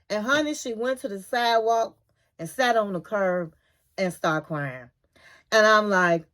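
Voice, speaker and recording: Woman, high-pitched, casual gossip recap, folksy storyteller, channel host. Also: expressive, slow, fairly bright tone.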